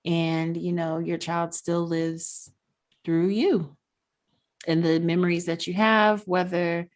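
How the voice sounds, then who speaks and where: Lady talking earnest and soft, kinda low voice, reflective. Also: little pitch movement, slow pace. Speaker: guest, NICU parent. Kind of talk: podcast conversation.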